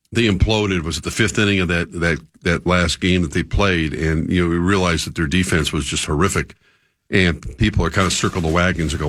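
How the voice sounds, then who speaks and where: A man with a very low voice, a guest on a sports radio show. He gives halting, measured commentary in casual chat. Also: fairly bright tone, no room sound, clean studio sound.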